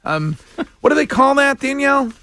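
A man hosting a morning radio show, talking in a wry, animated way with chuckling asides. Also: extremely high pitch, normal speed, vocal fry. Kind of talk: casual talk radio banter. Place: radio studio.

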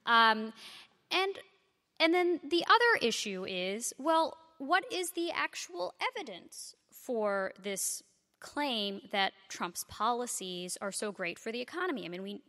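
A woman's voice: on the high side, expressive, a little slow, pushed and bright. A woman columnist speaking on a live panel in a sardonic, emphatic way. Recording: reverberant hall.

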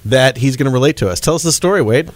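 A man's voice: medium pitch, expressive, fast, no room sound. A man with the flu hosting a podcast in a chatty way, with fillers and self-corrections. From Florida Gulf Coast. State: sick with flu. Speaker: podcast host.

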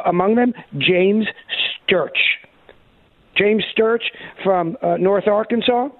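A man's voice: high-pitched, no room sound. A man co-hosting a talk radio show, delivering an emphatic, sarcastic political monologue. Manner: emphatic, sarcastic, animated quoting. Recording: thin phone-like radio audio.

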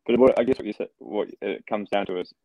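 A man with a fairly low voice rants animatedly on a podcast, swearing as he goes. His sound is dry and a little muffled. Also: fast, no room sound. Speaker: podcast co-host. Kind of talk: casual chat.

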